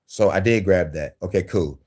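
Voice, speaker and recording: A man's voice: sits low, moderate pace, darkish tone, husky. A man hosting a casual news-commentary livestream, profane and heated, laughing often between angry riffs.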